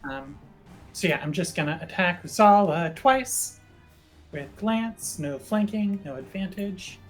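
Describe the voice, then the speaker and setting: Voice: medium pitch, lively intonation, slow pace, faint music behind. A player in a tabletop game talking casually and hesitantly, with many fillers.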